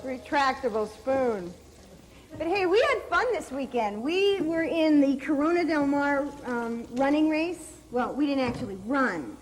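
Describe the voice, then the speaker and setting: A middle-aged woman with a high voice that swings up and down as she jokes around on a cooking show. She teases her co-host with quick comebacks. The recording from the TV studio carries a steady hiss of noise. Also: low-quality recording. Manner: playful, teasing, quick comebacks. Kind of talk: comic banter while cooking. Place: TV studio kitchen with live audience.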